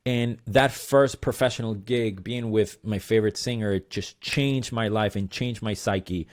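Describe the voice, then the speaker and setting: A man with a fairly low voice tells stories as an interview guest. He talks in an animated, rambling way, full of fillers and asides. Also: a little slow. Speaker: guest musician. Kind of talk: storytelling interview chat.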